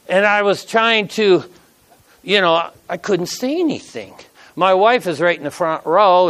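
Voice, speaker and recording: A man's voice: high voice, a bit bright. A middle-aged man preaching a sermon, telling a personal story with emotion and reading scripture aloud in an earnest way.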